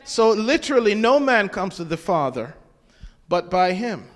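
A man's voice: sits high, sing-song, measured pace. A man preaching a sermon, quoting scripture in old-fashioned wording and putting questions to his congregation. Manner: quotes scripture in King James wording, asks the congregation questions. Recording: long reverb of a hall.

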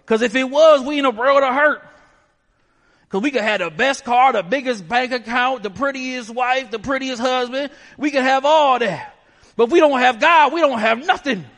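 A man's voice: very high-pitched, normal speed, a bit bright. A man preaching a sermon emphatically, asking the listeners rhetorical questions. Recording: long hall reverb.

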